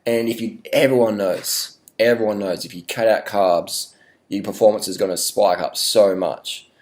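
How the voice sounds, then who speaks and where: A man's voice: lowish voice, fairly even intonation, normal speed, a little mellow. Sarcastic Australian man ranting. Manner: rambling, mock-serious irony, swearing. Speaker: vlogger. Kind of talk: sarcastic comedic rant.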